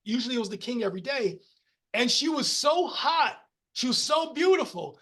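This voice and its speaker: High voiced american guy on a podcast, animated, lots of restarts and laughs. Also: normal speed. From United States. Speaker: podcast guest. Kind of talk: casual storytelling conversation.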